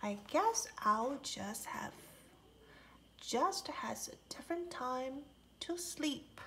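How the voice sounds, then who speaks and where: Slow, playful woman reading a storybook. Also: high voice, lively intonation, a little hiss or hum. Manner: slow and playful, mimicking bird calls, dropping to soft whispers. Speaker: teacher reading a picture book aloud. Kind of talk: storybook read-aloud for young children.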